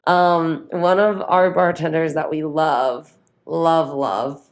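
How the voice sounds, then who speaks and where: A woman with a somewhat low voice co-hosting a casual podcast. She tells stories at length, acting out the lines of the people in them. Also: takes it slowly. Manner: storytelling, animated retelling with quoted voices. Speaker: podcast co-host. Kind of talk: casual chat.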